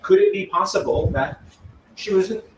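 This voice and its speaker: A man's voice: sits high, huge pitch swings, normal speed. A man cross-examining a witness in court, asking pointed questions and pressing for yes-or-no answers. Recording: echoey courtroom from far off, noisy.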